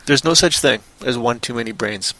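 A man co-hosting a casual podcast chat, rambling and joking, often breaking into loud silly voices. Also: mid-range voice, brisk, rough recording. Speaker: podcast co-host.

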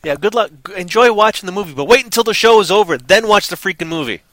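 Guy on a podcast, bright forceful voice, acts out movie bits, dry close mic. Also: sits high, dry recording. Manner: animated, retells scenes with quick acted voices. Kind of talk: casual chat.

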